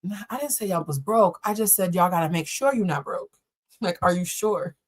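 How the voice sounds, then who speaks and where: A woman's voice: on the low side, normal speed, slightly rough. Tarot reader, woman: loose live-stream host who jokes, laughs and swears easily, talking with viewers into a laptop setup. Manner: animated, joking, laughing, swearing, chatting with viewers. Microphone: laptop or camera setup.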